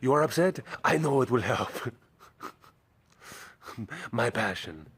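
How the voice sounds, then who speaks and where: A man's voice: mid-range voice, expressive, takes it slowly, fairly bright tone, husky, dry recording, exaggerated voice. A man voicing an amorous male tiger, speaking in a mock-romantic, hammy lover's tone. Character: amorous male tiger, smooth-talking suitor.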